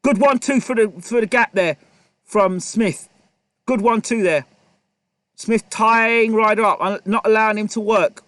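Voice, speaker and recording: A man giving live play-by-play boxing commentary, excitable and repetitive, often calling out to the fighters. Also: high-pitched, normal speed, no echo.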